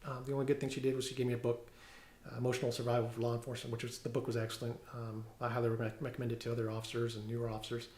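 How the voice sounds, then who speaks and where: A middle-aged police officer giving a personal testimony at home, talking haltingly with many fillers and restarts. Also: male voice, mid-range voice, monotone, a little mellow, echoey room. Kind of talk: personal testimony, reading from notes. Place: room at home.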